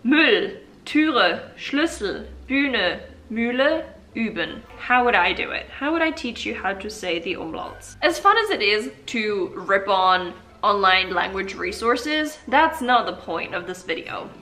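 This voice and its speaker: A woman's voice: medium pitch, big pitch swings, a little slow, bright, forceful tone. A woman casually vlogging about vowel sounds, joking, interrupting herself and sounding vowels out over and over. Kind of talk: casual language vlog.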